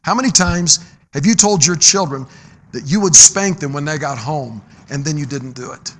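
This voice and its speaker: Middle-aged male preacher, high bright voice, swings from forceful calls to hushed storytelling. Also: moderate pace, a little hiss or hum. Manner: swings from loud emphatic exhortation to low quiet storytelling. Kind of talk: sermon.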